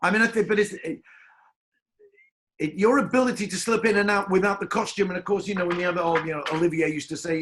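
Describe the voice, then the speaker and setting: A man's voice: high-pitched, fast, a bit bright. A man hosting a casual interview on a video call, with florid, theatrical phrasing. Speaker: host. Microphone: video call microphone.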